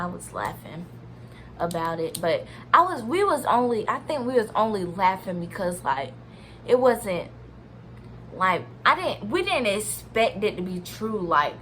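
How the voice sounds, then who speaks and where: Speaking in a slightly bright voice on the low side, this young vlogger tells her viewers, whom she calls "y'all," a personal story. She's chatty and rambling, packs her sentences with "like," and often starts over, with slight background noise present.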